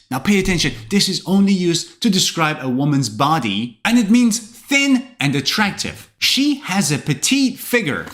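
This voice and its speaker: Man, English teacher, video lesson, very animated pitch, slightly high voice, playful asides. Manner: expressive, lively delivery with playful asides. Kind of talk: vocabulary lesson to camera.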